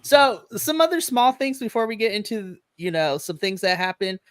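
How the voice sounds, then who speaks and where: A woman's voice: mid-range voice, normal speed, dry recording. Chatty woman recapping with a dry sound. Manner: chatty, laughs often, acts out quotes in deadpan voices. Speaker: wrestling podcast co-host. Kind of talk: casual chat recapping wrestling. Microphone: streaming microphone, remote setup.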